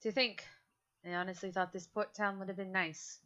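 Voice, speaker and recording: A woman's voice: flat delivery, normal speed, fairly bright tone, lightly acted. A woman voicing a weary, sardonic young woman adventurer who sighs and mutters. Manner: tired, sighing, low and muttered. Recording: dull lo-fi mic.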